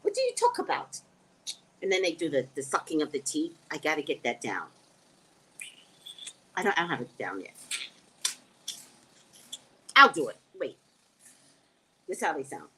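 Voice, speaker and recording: Lively, bright-voiced woman chatting live. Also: low-pitched, normal speed, pauses often, slight background noise. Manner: blunt, joking, lively, laughs often. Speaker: live-stream host reading viewer comments. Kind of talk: casual live-stream chat.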